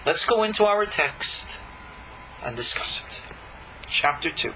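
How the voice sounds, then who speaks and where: A man teaching a recorded lesson, emphatic and animated, swinging his voice up and down to drive points home. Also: fairly high pitch, measured pace, background noise. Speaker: Kabbalah teacher.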